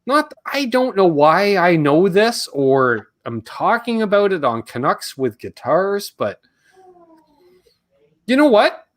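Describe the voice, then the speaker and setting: A man's voice: sits high, sing-song, takes it slowly. A Canadian man hosting a live Q&A stream, casual and rambling, joking around and reading chat comments aloud.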